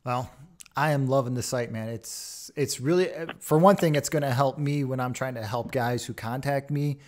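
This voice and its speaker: A man with a Chicago accent hosting a casual interview, friendly and chatty and quick to laugh. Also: medium pitch. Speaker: host.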